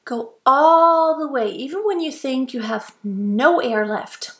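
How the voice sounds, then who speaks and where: A woman's voice: high-pitched, expressive, slow, fairly bright tone. A woman from Germany, a vocal coach patiently explaining and demonstrating breathing exercises. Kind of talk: instructional explanation.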